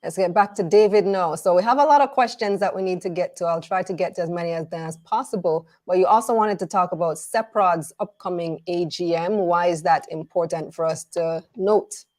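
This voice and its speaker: A woman hosting a live finance show, briskly moving the talk from one guest and topic to the next. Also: fairly low pitch, a little mellow. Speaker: host.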